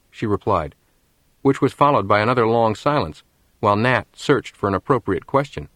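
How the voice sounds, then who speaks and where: A man reading a story aloud in scripted narration, with a measured storytelling manner. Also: lowish voice, a bit bright, no room sound. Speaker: audiobook narrator.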